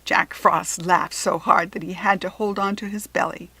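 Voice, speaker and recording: An American woman reading a children's storybook aloud in a gentle, expressive way. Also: lowish voice, moderate pace, creaky, slightly rough, dry recording, poor audio. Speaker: children's book reader.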